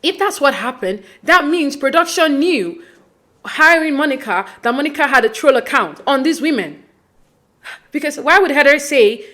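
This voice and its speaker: A woman's voice: high voice, expressive, normal speed, a bit bright. A woman hosting a casual podcast recap of a reality show, chatty and opinionated, with lots of fillers and restarts. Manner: acts out quoted lines with mock voices.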